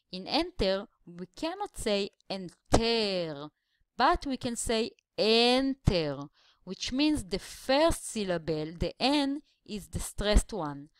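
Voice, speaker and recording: A woman's voice: medium pitch, no echo, studio quality. Woman teaching English grammar. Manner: explains slowly, stretching syllables to show stress. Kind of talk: grammar lesson voice-over.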